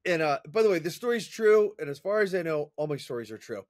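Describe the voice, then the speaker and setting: A chatty man tells a story casually in conversation, speaking quickly in a fairly high voice with a dry, echo-free sound. An interview guest and professional speaker, he's energetic and full of fillers and restarts.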